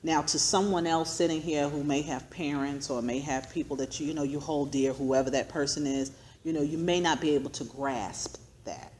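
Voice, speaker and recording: A woman's voice: deep voice, normal speed, a little mellow, a little hiss or hum. Earnest woman giving a preacherly testimony. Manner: earnest, preacherly, laughs often. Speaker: guest speaker. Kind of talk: personal testimony talk.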